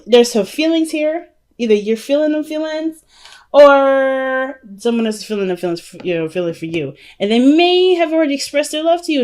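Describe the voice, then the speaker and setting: A woman's voice: mid-range voice, darkish tone. A woman giving a casual tarot reading to her viewers, chatty and emphatic, calling them family and y'all. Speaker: tarot reader.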